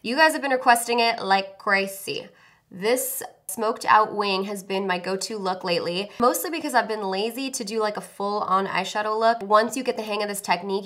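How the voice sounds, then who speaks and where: A woman's voice: mid-range voice, a bit bright. A young woman chatting casually through a makeup tutorial, joking at herself and sounding a little sleepy. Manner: chatty, self-deprecating, talks through each step. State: sleepy, just woke up. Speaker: beauty vlogger.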